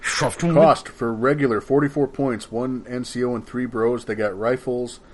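A man's voice: medium pitch, steady tone, a little slow. A man co-hosting a casual tabletop wargame chat, reading unit rules aloud with jokes and swearing. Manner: jokey, swears, stumbles over foreign words. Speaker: podcast co-host.

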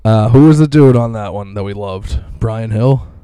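This man has a dark, mellow tone and a laid-back delivery, trailing off and swearing as he chats with a friend. It's easygoing podcast conversation. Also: fairly low pitch, normal speed, clean tone, no echo, clean studio sound. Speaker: podcast co-host. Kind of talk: casual chat.

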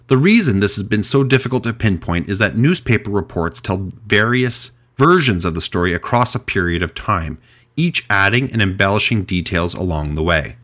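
A man hosting a podcast, telling a mystery story in a casual, chatty way with animated delivery and frequent restarts. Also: fairly low pitch, normal speed. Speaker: podcast host.

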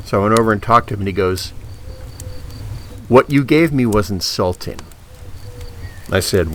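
A man's voice: lowish voice, normal speed, noisy background. A man telling a casual story and acting out the dialogue. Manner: animated, acts out the dialogue.

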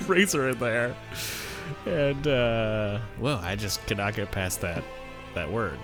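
A man's voice: fairly low pitch, slow, over music. A man co-hosting a podcast in casual chat, rambling and self-mocking with many fillers. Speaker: podcast co-host.

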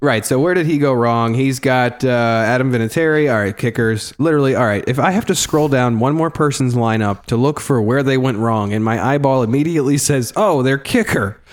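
A man's voice: medium pitch, brisk, hardly any pauses. A man hosting a casual podcast, talking loosely and rambling, swearing freely. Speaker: podcast host.

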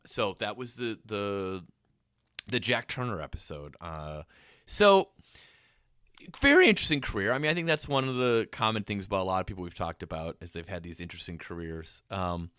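A man's voice: deep voice, normal speed, clean tone, no room sound, clean studio sound. A man co-hosting a podcast, casually retelling a TV episode with lots of laughs. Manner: animated storyteller, laughs often. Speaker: podcast co-host.

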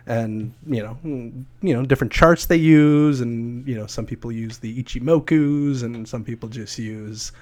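A man's voice: mid-range voice, moderate pace, hardly any pauses. A man presents award categories on a podcast in an easygoing style. He wanders through his sentences with many fillers and light jokes. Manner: relaxed, filler-heavy, joking. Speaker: podcast co-host. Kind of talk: casual podcast chat.

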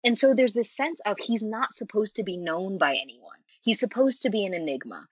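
A woman guest in a casual chat, talking in an animated way with frequent laughs and filler words. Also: mid-range voice, fairly quick, no room sound. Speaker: interview guest, fanfiction writer. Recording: muffled lo-fi audio.

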